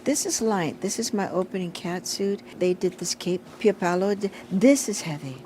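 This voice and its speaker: A woman in her fifties, a guest in a casual interview, speaking softly and from the heart, often restarting her sentences. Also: medium pitch, a little hiss or hum, rough recording. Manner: soft-spoken, heartfelt, halting restarts.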